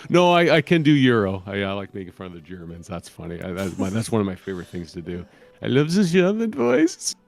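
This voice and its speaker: A man's voice: low-pitched, quick pace, few pauses. A man chatting casually on a live stream, rambling and joking and laughing often. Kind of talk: casual chat.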